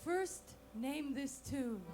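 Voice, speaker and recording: A woman comedian performing a stand-up set with deadpan punchlines and bits of song, on a 1980s club recording. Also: sits high, extremely slow. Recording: 1980s VHS club recording with music and crowd. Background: audience laughter and music.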